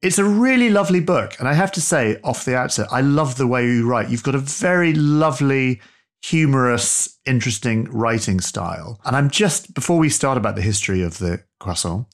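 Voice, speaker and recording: A man's voice: mid-range voice, animated, normal speed. A man hosting a podcast, playful and theatrical as he presents and interviews. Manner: playful, theatrical, with mock French exclamations. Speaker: podcast host.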